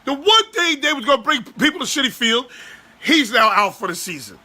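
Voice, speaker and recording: High-voiced man in his forties ranting. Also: very animated, a little fast. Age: 40s. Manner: loud, profane, exasperated ranting. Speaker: sports podcast host. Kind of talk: ranting sports talk.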